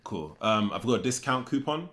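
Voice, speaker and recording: A man with a British accent playing a customer and driver in a comedy skit, answering in flat, patient replies. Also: medium pitch, moderate pace. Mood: plain. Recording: roomy, music behind.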